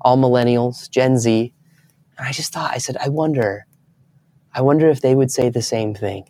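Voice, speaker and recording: A man's voice: mid-range voice, moderate pace, warm tone. A young adult man, a guest in an interview, telling stories earnestly and acting out the voices of people he quotes. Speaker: guest speaker. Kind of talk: storytelling in an interview.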